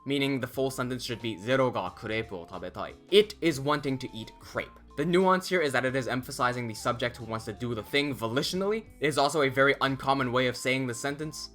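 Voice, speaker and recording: A man narrating a scripted language lesson, speaking in a measured, deliberate way and stressing key words, with faint music behind. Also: mid-range voice, pushed and bright. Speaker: language teacher.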